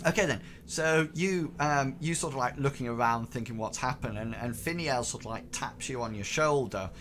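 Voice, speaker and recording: A man's voice: medium pitch, normal speed, a bit bright. Hesitant man running a tabletop game. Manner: hesitant, full of fillers and restarts. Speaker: game master. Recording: noisy recording.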